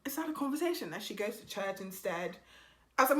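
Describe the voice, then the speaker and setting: A young woman vlogger telling a casual storytime, animated and exasperated, blunt and quick to swear. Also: mid-range voice.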